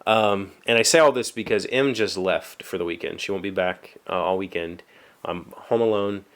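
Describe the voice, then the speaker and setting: West Virginian man, lowish voice, rambling workshop vlogger, self-deprecating. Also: normal speed. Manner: rambling, self-deprecating, with frequent fillers and restarts. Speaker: vlogger, show host. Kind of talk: casual solo chat. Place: home workshop.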